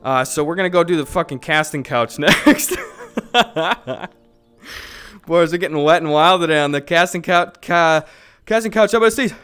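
High-voiced, profane male streamer. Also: moderate pace, pauses often, clean tone, faint music behind. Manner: loud, profane and jokey. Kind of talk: casual livestream chat.

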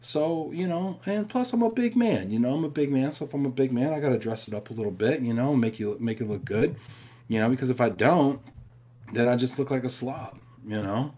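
A man's voice: medium pitch, a little fast, mellow. Chatty upbeat man hosting a live stream. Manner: chatty, upbeat, talks straight to viewers. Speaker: host of a live show. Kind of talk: casual live-stream chat, reading viewer questions. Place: at home.

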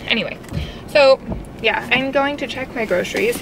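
Her voice sits high and moves at a moderate pace as this young tarantula-keeping vlogger talks from her car. The casual vlog chat rambles with plenty of fillers, and vehicle noise can be heard.

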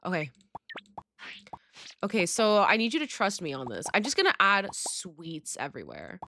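A young woman chats through a game in a bubbly, dramatic way, full of slang and sudden squeals. Her voice is bright and swoops all over. Faint noise sits behind her. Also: fairly low pitch, huge pitch swings, moderate pace. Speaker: gaming YouTuber. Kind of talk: casual gaming commentary.

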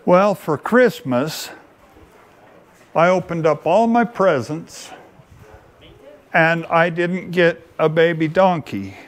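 Folksy male storyteller, somewhat high voice. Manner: unhurried, homespun, playfully earnest. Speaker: open-mic storyteller. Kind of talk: folksy spoken storytelling to an audience.

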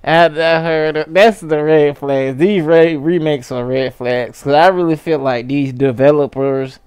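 A gaming vlogger rants about their hobby in a smooth, clean voice, unhurried and drawn out. The talk is slangy and animated, with sudden jumps into high exclamations. It is recorded dry and close, with no room sound. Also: no room sound. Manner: slangy and casual. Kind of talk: casual ranting commentary.

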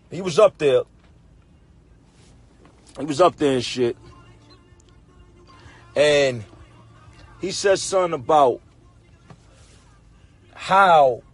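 A young man ranting into his phone in an emphatic, repetitive, profane way, working himself up to loud outbursts. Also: medium pitch, husky. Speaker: battle rapper on a livestream. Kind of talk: heated casual rant.

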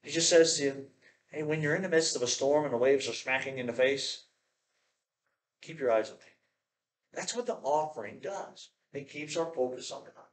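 A pastor preaching a sermon, animated and playful, often acting out the voices of the people in his stories. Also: on the high side, normal speed, roomy sound.

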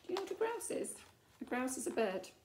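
A woman's voice: high-pitched, very animated, quick pace, a little mellow, a little hiss or hum. A woman reading a picture book aloud to children, adding chatty asides and playful whispered remarks. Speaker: storytime reader.

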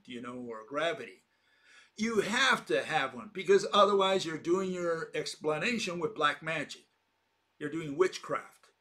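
Guy ranting a lecture, kinda high voice, keeps repeating himself and asking questions. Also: fairly bright tone. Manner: argumentative, repetitive, emphatic with rhetorical questions. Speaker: host. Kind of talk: lecturing monologue.

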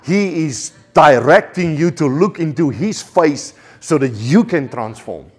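Male preacher, South African accent, fervent and halting, slightly high voice. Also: animated, husky. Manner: passionate, repetitive, with stammered restarts. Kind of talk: sermon.

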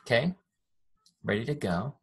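Husky-voiced man teaching an online training. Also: medium pitch, lively intonation, a little slow. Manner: upbeat, chatty, self-deprecating jokes. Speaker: software trainer. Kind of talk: live online training with screen demo. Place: home office. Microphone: desk microphone.

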